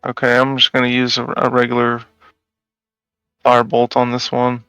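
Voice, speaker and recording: A man's voice: medium pitch, monotone, moderate pace, fairly bright tone, smooth, dry recording, soft background music, rough recording. A man playing a tabletop game, curious and full of questions, chuckling now and then. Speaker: player.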